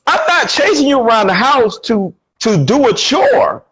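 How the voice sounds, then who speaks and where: A man talking as a relationship coach in a casual conversation, animated and acting out what people say. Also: extremely high pitch, unhurried, husky, poor audio. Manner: animated, acts out quoted voices.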